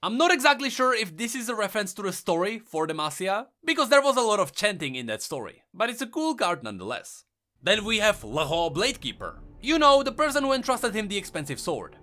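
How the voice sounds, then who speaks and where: A man's voice: high-pitched, very animated, fairly quick, pushed and bright, soft background music. A man with a Czech accent giving scripted lore narration, reading card quotes with dramatic drops in his voice.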